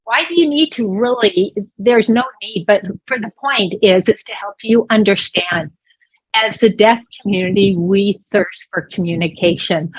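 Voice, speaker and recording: A woman's voice: medium pitch, moderate pace, husky, no echo, low-quality recording. A woman working as a voice interpreter, speaking a sign-language lesson aloud in an explanatory, conversational way with small restarts. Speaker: voice interpreter for a deaf presenter.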